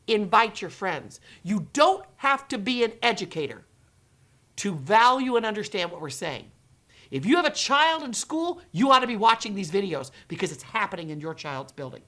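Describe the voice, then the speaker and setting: A middle-aged woman educator talks directly to her viewers with a lively, swooping pitch. She turns dramatic, acting out the reactions she expects with gasps and hushed whispers. Her voice sits in the middle of the usual range. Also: normal speed. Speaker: educator running her own company and channel. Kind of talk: direct-to-camera talk.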